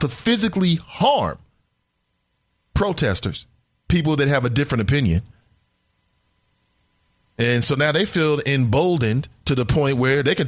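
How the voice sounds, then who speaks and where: A male podcast host holding forth in an emphatic monologue, his pitch swinging widely as he drives his points home. He repeats key lines for effect. The sound is dry and close, with no room around it. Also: no room sound. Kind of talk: opinionated talk podcast monologue.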